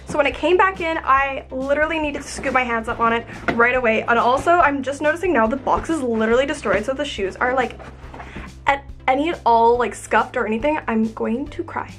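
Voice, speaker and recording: A woman's voice: high voice, fairly bright tone. A young woman, bubbly and gushing as she unboxes new shoes in a vlog. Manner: bubbly and gushing, lots of "oh my gosh". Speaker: YouTube vlogger.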